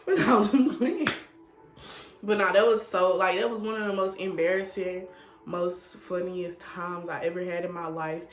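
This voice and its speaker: Brief: slow, drawling woman storyteller, lively and laughing, in an echoey room. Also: medium pitch, soft background music. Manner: animated, laughing, repeats phrases for effect. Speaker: storytime vlogger. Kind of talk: casual storytelling.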